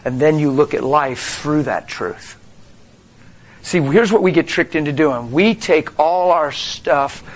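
A man's voice: fairly high pitch, unhurried. A man preaching a sermon emphatically, asking rhetorical questions and calling out to the congregation.

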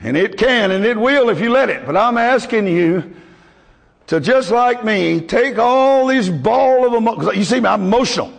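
A man's voice: high voice, animated, moderate pace, gravelly, long reverb tail. A male pastor preaching a folksy, emotional sermon to his congregation.

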